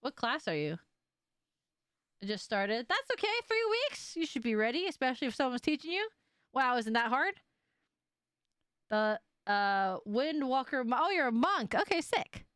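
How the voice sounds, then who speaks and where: A young woman streaming a game live and chatting casually, animated, laughing often and swearing now and then. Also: on the high side, moderate pace, long pauses, clear, resonant tone, no echo, studio quality.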